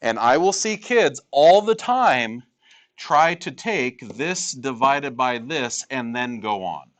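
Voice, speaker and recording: A man lecturing a high school math class, stressing key rules and repeating them. His pitch swings widely as he talks. He keeps a slow, deliberate pace. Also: animated, a bit bright. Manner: emphatic, repeats key points to students.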